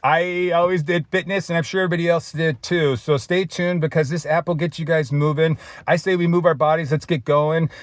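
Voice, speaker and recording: Man, thirties, teary vlogger, rambling, high-ish voice, dry close sound. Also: fairly even intonation, brisk, hardly any pauses, no room sound. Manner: chatty, rambling, says "dude" a lot. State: teary, choked up. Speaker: fitness vlogger. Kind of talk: off-the-cuff emotional vlog.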